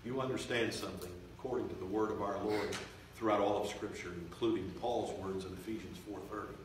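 Booming preacher in an echoey church. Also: male voice, steady tone, recorded from a distance, slight background noise. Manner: swells loud and slow for emphasis, drops to quiet confiding tones. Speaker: revival preacher. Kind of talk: sermon. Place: church sanctuary.

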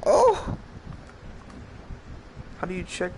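A man's voice: on the high side, unhurried, very noisy. A man giving joking, squeamish commentary while playing a game, swearing now and then. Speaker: gamer. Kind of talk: gameplay commentary.

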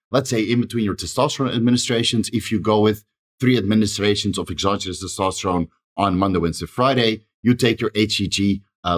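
A low, husky-voiced man talks fast in a solo advice monologue for his own channel. He rattles off long lists of numbers and doses, checking in with a quick "right?" along the way. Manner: rapid, rattles off lists of dosages with frequent "right?" tags. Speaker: channel host giving advice.

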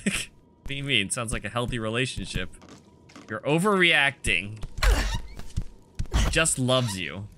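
A man streaming a horror game, excitable, shouting battle cries and laughing as he plays. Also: medium pitch, measured pace, pauses often, a little hiss or hum. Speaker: gaming streamer. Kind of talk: playing and commenting on a horror game. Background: game music.

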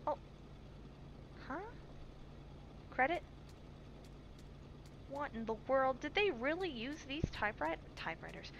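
Woman streamer, slow and bright, chatty and easily startled, on a slightly dull mic with faint hiss. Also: high voice, sing-song, creaky. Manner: chatty, jumpy, reads on-screen text aloud. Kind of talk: live gameplay commentary.

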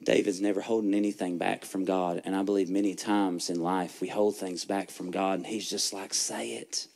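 A man's voice: low voice, level tone, moderate pace, darkish tone. A man who is a pastor and host, talking earnestly in a preaching style, often repeating words and building into fervent lists.

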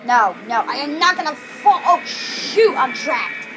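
A woman commenting on her own gameplay, excitable and frustrated, pleading with the game. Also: high voice, unhurried, over music, low-quality recording. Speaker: game player.

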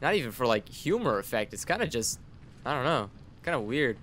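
A man's voice: medium pitch, very animated, a little fast, fairly bright tone, a little hiss or hum. Playful sarcastic let's play guy. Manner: playful, sarcastic, talks to the characters. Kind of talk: casual gameplay commentary. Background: game music.

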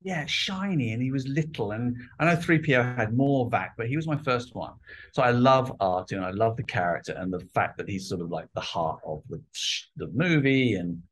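A man's voice: medium pitch, normal speed, husky. A middle-aged man telling stories in a casual interview chat, acting out voices from his childhood. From England. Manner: animated storyteller, acts out childhood voices. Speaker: guest artist.

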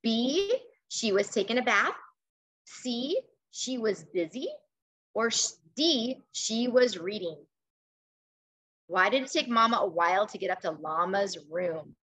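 A woman teacher reading a picture book aloud to children over a video call, expressive and coaxing, pausing to ask questions. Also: mid-range voice.

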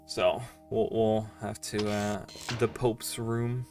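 A man's voice: lowish voice, flat delivery, slow, recorded from a distance, music in the background. A man giving casual commentary over a game, rambling with lots of fillers and reading lines aloud. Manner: rambling, filler-heavy, reads dialogue aloud. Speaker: streamer playing and commenting.

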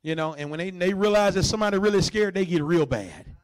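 A male pastor preaching a sermon, swinging between conversational asides and loud, high bursts, sometimes growling to act out a dog. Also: expressive, quick pace.

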